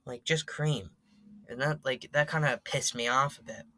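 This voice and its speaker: Teen boy vlogger, rambling and sweary, crisp close sound, no room. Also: medium pitch, fairly even intonation, moderate pace, bright, forceful tone, dry recording. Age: teens. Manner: rambling, heavy on fillers and swearing. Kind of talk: casual storytelling.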